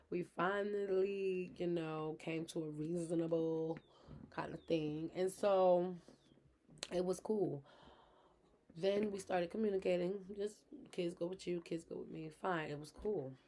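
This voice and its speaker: Vlogger mom, frank and chatty, talks straight to camera; faint noise underneath. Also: female voice, on the low side, a little mellow. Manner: frank, chatty, addresses viewers directly. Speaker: vlogger, mother of her kids. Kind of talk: candid personal vlog talk.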